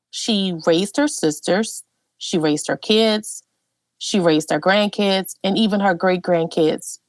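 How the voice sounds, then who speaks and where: A middle-aged woman, animated and heartfelt, telling personal family stories with many fillers. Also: medium pitch, dry recording. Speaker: guest genealogist. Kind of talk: personal storytelling.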